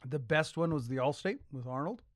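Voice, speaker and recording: A man's voice: fairly high pitch, a little fast, no echo, studio quality. A man co-hosting a podcast in casual chat, rambling, swearing freely and losing his train of thought. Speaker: podcast co-host.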